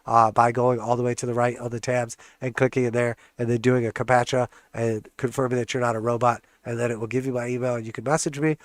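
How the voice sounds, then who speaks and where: A man's voice: mid-range voice, flat delivery, quick pace, hardly any pauses, dry recording. A man with a congested, stuffed-up voice hosting a live trading stream, walking through charts in a casual, joking way. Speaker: trading channel host.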